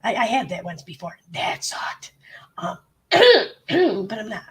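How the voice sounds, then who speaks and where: A woman live streamer, sick with a bad cold and clearing her throat, chatting bluntly and swearing freely as she greets her viewers. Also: medium pitch, sing-song, slow. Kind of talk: casual livestream chat.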